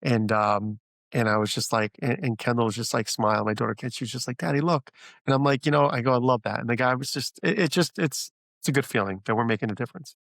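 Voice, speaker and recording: A middle-aged man talks through a casual business interview, circling his points with fillers and false starts. His voice sits at an ordinary pitch. The recording is close and dry. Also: fast talker, gravelly, no room sound. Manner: rambling, many fillers and restarts; animated when retelling stories. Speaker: franchise founder guest.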